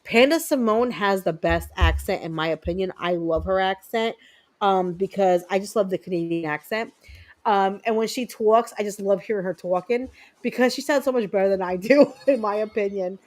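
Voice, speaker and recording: A woman's voice: mid-range voice, normal speed, a little mellow, poor audio. A woman streamer chatting casually with her viewers while playing a video game, upbeat and full of ums. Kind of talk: casual chat while gaming.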